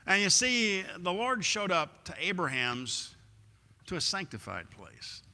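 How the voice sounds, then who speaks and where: A male preacher spins a vivid story during a sermon and acts out the scenes as he goes. His voice is bright and sharp, a bit higher than average, and it reverberates through a church. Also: big pitch swings, a little slow. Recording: echoey church hall.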